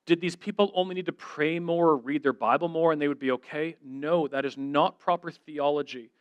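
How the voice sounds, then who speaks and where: A man's voice: on the high side, a little fast, clean tone, no echo, muffled recording. A middle-aged man giving an earnest, conversational sermon as a guest speaker, telling stories and voicing the people he quotes.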